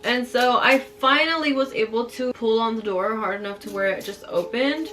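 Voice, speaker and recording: A woman's voice: fairly high pitch, moderate pace, a bit bright. Chatty young woman telling a scary story. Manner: chatty, lots of "like" fillers. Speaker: storytime vlogger. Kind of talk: casual storytelling while doing nails. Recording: distant mic with music bed.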